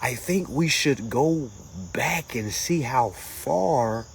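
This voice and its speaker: A man hosting a casual livestream, answering comments in an animated, mocking way that swings between loud jokes and low asides. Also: slow pace, vocal fry, slight background noise. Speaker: livestream host reading comments.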